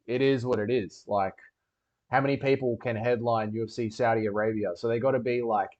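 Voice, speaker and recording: A man's voice: medium pitch, darkish tone, lo-fi sound. A man hosting a livestream, reading chat and rambling with jokey, sweary banter.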